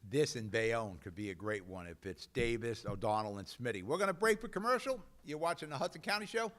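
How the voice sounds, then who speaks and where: A man's voice: medium pitch, lively intonation, a little fast, fairly bright tone. A man hosting a local politics talk show, blunt and rambling, with frequent fillers. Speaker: host. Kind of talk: opinionated local politics commentary.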